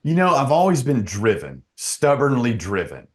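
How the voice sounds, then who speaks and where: A man, a podcast guest, telling an emotional personal story in an earnest, halting way with frequent restarts. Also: mid-range voice, huge pitch swings.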